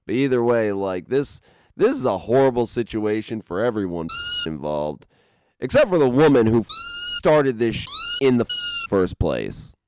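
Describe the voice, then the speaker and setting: A man's voice: lowish voice, big pitch swings, a little slow, very noisy. A man giving casual reaction commentary on a video, talking animatedly with frequent swearing, laughs and stammered restarts.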